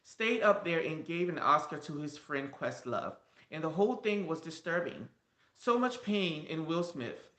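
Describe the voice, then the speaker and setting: A man's voice: a little high, animated, a little slow, pushed and bright, roomy sound. A man mocking a self-absorbed woman celebrity.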